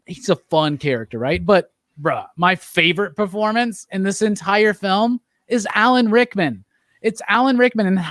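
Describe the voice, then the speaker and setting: A man hosting a casual movie review chat, talking with animated enthusiasm and leading the discussion. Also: high voice, no room sound, studio quality. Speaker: podcast host.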